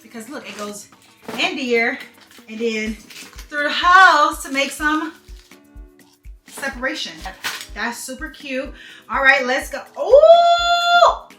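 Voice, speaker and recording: A woman's voice: high voice, takes it slowly, long pauses, pushed and bright. A young woman, gushing to her viewers while unboxing in a casual vlog. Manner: gushing, exclaims often, talks straight to viewers. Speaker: beauty vlogger. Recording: echoey room, faint music.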